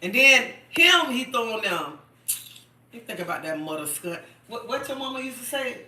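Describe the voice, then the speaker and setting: Woman, middle-aged, chatty live-streamer, bright and emphatic, repeats points, distant echoey phone sound. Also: mid-range voice, expressive, normal speed, slight background noise. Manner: chatty and emphatic, repeats herself, keeps asking "okay?". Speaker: livestream host. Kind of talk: casual live-stream chat.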